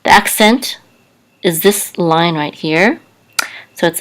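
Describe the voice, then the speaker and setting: Woman, language teacher, deep for her sex, slow and soft-spoken, patient. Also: poor audio. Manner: soft-spoken, careful, spells out sounds with many fillers. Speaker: Hebrew teacher.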